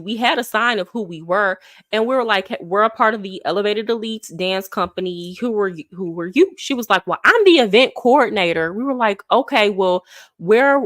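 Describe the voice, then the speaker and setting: A woman on a livestream who tells a story casually and acts out the people she quotes in lively voices. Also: mid-range voice, dry recording, studio quality. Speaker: livestream host.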